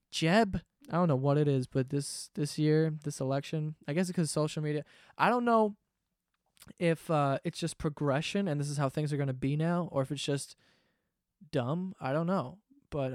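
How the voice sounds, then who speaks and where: A man's voice: a little high, darkish tone, dry recording, studio quality. A man ranting sarcastically and swearing freely in a casual comedic monologue, host of his own podcast.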